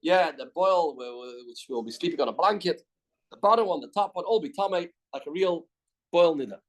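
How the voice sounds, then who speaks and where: A man with a Canadian accent teaches a daily Talmud class in a fairly high voice. He reads short Aramaic lines and then explains them in plain English. He often repeats a key phrase before moving on. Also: animated, brisk, rough recording.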